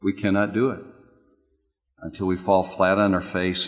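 A man preaching a sermon, swinging from loud, rising exclamations down to hushed, quiet passages. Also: deep voice, little pitch movement, moderate pace, long pauses. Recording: long hall reverb.

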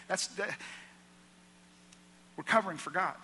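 A pastor with a Midwestern American accent delivers a sermon in a church auditorium, his bright, forward, slightly rough voice trailing a long reverb. Pitched slightly high for a man, he speaks to the room earnestly and conversationally at a moderate pace with frequent pauses. He piles up repeated phrases to drive each point home.

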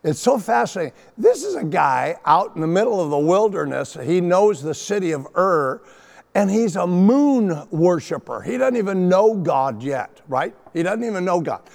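A man preaching a sermon as pastor, emphatic and animated, often repeating his phrases for weight. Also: high voice, moderate pace, creaky. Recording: long reverb of a large hall.

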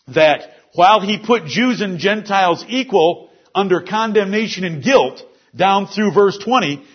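A male preacher with a high, slightly husky voice delivers an expository sermon to his congregation. He walks through scripture word by word, explaining the grammar of each verse. The recording sounds dull and lo-fi. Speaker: pastor. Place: church service.

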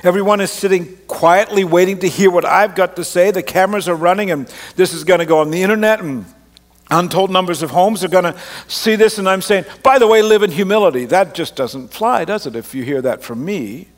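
A pastor with a blended Australian and Canadian accent, speaking in a slightly high, mid-range voice. He preaches in an easy, self-mocking, conversational way from the stage into a microphone. His voice rings out with a long reverb across a large church auditorium. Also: a little fast. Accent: mixed Australian and Canadian. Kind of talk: sermon.

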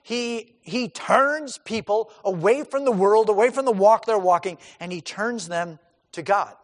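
A male pastor preaching a sermon, animated and emphatic, asking rhetorical questions and repeating words for stress. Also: sits high, a little slow. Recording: long hall reverb.

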